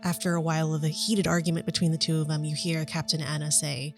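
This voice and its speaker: A woman running a tabletop role-playing game as game master, narrating in a relaxed, chatty way with giggles. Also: sits low, fast talker, soft background music.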